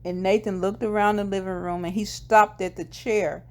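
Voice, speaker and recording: A woman with a voice of ordinary middle pitch recaps a TV episode in a loose, chatty way. She walks through scene after scene, passing on the characters' lines in her own plain voice. Now and then she drops a filler or corrects herself as she goes. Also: little pitch movement, normal speed. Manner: retells scenes step by step, quoting dialogue in plain voice; occasional fillers and self-corrections. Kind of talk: casual plot recap.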